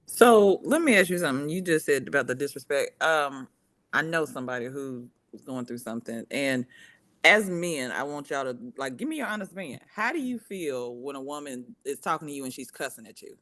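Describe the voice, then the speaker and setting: A woman's voice: very deep voice, fairly quick. A woman hosting a panel discussion, asking the men questions. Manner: animated, asks the questions. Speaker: host.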